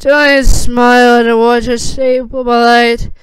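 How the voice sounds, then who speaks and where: Female narrator for fan fiction reading; slow, level, slightly halting delivery. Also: a little high, level tone, clean tone, dry recording, rough recording.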